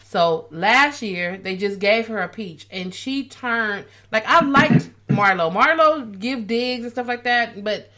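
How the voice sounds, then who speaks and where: A woman's voice: a little high, takes it slowly, hardly any pauses. Chatty woman podcast co-host. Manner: chatty storytelling, animated retelling. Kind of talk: casual chat.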